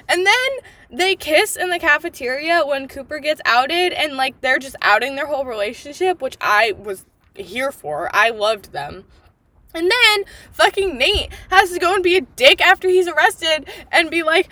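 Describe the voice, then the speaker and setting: A woman with a high, bright, sharp voice hosts a book podcast in a loose, casual chat. She rambles through lots of fillers, gushes over what she loves, gets exasperated over what she hates, and swears freely. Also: expressive, normal speed, no room sound.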